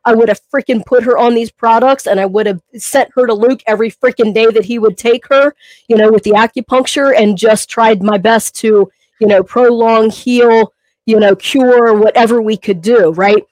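A talkative woman with a fairly high voice tells a long story on a podcast, looping back on herself with plenty of fillers. She speaks as a personal trainer and gets emotional as she goes. The sound is dry and close, with no room around it. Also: fairly even intonation, moderate pace, a little mellow, no room sound, poor audio. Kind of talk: casual podcast chat.

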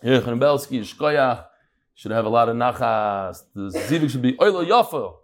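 A man's voice: medium pitch, lively intonation, moderate pace. A man teaching a live Talmud class, chatty, joking with the room and mixing Hebrew and Yiddish terms into his English. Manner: chatty, jokes and asides to the room.

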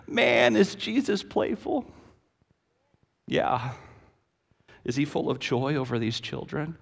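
Slow, storytelling preacher in echoing hall. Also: male voice, on the high side, vocal fry, slightly rough. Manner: vivid, animated storytelling with acted quotes. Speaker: pastor. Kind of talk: sermon. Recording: echoey hall with long reverb.

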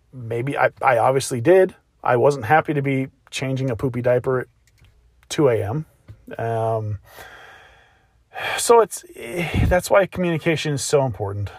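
A tired man, a new father, telling a casual personal story about a rough night in a plainspoken, self-reflective way. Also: medium pitch, dry recording. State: exhausted. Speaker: podcast host, new father of twins.

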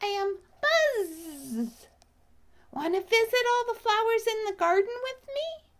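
A woman reading a storybook and voicing a small, friendly male bumblebee who talks high and excitedly. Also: takes it slowly, exaggerated voice. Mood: cheerful.

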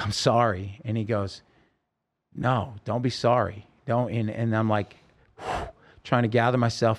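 A man as an interview guest, telling a personal story in halting speech with frequent restarts and self-corrections. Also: lowish voice, creaky.

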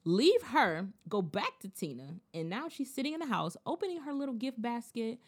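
A woman in casual chat, recapping a TV episode in a blunt, profane, animated way. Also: a little high, moderate pace.

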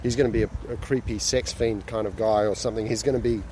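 A man's voice: fairly low pitch, fairly even intonation, fast. Man musing about a film on a busy street. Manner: musing, hesitant, many restarts. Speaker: film discussion co-host. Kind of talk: casual chat while walking. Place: city street outdoors. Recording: street noise from passing traffic. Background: traffic noise.

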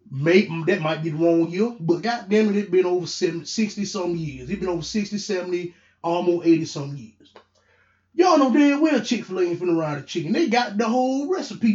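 Young guy podcast host ranting, AAVE, loud and heated, a bit higher voice, echoey lo-fi room. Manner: animated, profane, rising to near shouts when heated. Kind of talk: casual solo podcast rant.

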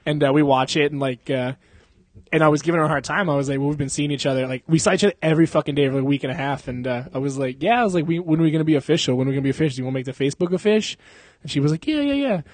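A man's voice: a little high, racing, dry recording. Laid-back young man telling stories, profane. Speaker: podcast co-host. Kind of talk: casual storytelling chat. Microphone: podcast microphone.

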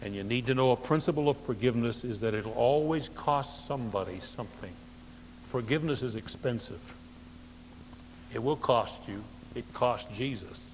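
Pastor guy preaching, punchy then quiet, dry jokes, church reverb, faint hum. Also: normal speed. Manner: emphatic preaching, swinging between loud stresses and soft low phrases; dry humorous asides. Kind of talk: sermon. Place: church sanctuary.

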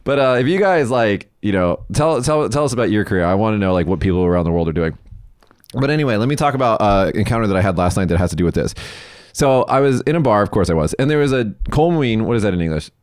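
A man's voice: lowish voice, lively intonation, fast talker, smooth, dry recording. Guy hosting a chat show, blunt and sweary, voice jumps all over, dry sound. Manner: profane, blunt storytelling with acted quotes. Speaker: podcast host. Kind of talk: casual chat. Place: lives in Japan.

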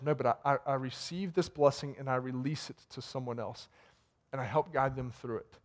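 A man's voice: mid-range voice, steady tone, a little fast, fairly bright tone. A man preaching a sermon in a church in a conversational way, retelling stories and ending in prayer. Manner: conversational preaching with retold dialogue, repeats words. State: sweating. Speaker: pastor. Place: warm church sanctuary.

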